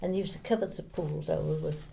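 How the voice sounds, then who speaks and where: An older woman, answering briefly and plainly. Her voice is very low and mellow, with a gravelly texture. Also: fairly even intonation, quick pace, a little hiss or hum. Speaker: interviewee. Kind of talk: oral history interview.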